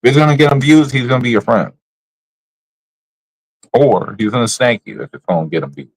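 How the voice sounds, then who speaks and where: A man's voice: mid-range voice, sing-song, brisk, dry recording, rough recording. A man streaming live, ranting bluntly about other creators in casual, profane slang. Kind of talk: casual livestream rant.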